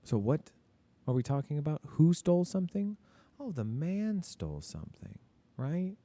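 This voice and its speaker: A man's voice: mid-range voice, wildly swooping pitch, normal speed, warm tone. A male teacher talking through grammar examples in a casual lesson, asking and answering his own questions. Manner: casual, admits mistakes openly.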